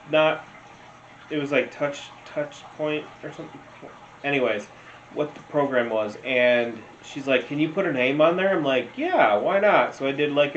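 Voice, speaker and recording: A man doing casual meme reaction commentary, rambling, telling stories and laughing often. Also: medium pitch. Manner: slow, rambling, laughs a lot. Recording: roomy, dull lo-fi sound with faint noise.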